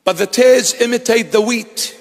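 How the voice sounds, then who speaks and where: A man's voice: extremely high pitch, moderate pace, in a large hall. A man preaching a sermon to his congregation in an emphatic, rhetorical style, repeating key phrases.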